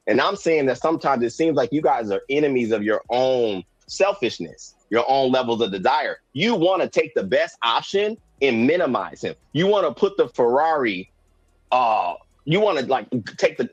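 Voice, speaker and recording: Husky-voiced man on a dull lo-fi mic. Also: mid-range voice, dry recording. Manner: probing, searching for words. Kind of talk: casual discussion.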